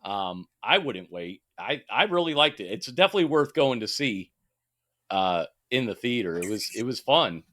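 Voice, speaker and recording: A man's voice: mid-range voice, moderate pace. A man in his thirties co-hosting a podcast, chatting casually and swearing freely while recommending a film. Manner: profane, animated movie recommending. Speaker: podcast co-host. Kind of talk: casual chat.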